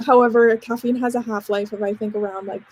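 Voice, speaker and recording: A podcast host from Canada in casual conversation with a guest. Her voice sits a little on the high side, and she talks in loose, chatty rambles broken up by frequent laughter. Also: steady tone, fast talker, darkish tone. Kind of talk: casual interview chat.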